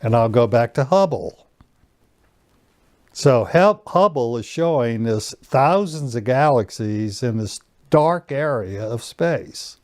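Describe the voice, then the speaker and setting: A man teaching a personal growth lesson, giving slow, calm guiding instructions and leading breathing exercises. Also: medium pitch, dry recording, studio quality.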